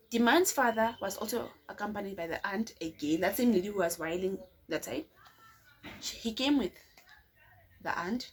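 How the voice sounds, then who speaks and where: A young woman telling a dramatic story to her viewers with rhetorical questions. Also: medium pitch. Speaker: vlogger. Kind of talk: storytime vlog.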